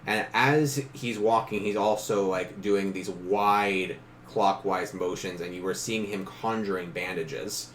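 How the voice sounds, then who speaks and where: Low-voiced man running a tabletop game. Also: unhurried, hardly any pauses, fairly bright tone, a little hiss or hum. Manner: casual, laughing often, acts out characters briefly. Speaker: game master.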